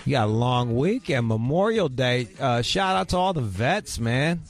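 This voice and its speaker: Brash male radio host, crude and rambling, mid-pitched voice, studio mic, faint music under him. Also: expressive, normal speed, few pauses. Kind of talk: casual uncensored radio chat.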